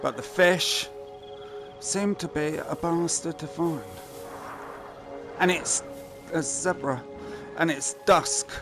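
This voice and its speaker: A man narrates his gameplay in an unhurried, chatty way and drops casual swear words. His voice sits a little high, and clear game music plays behind him. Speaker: gameplay commentator.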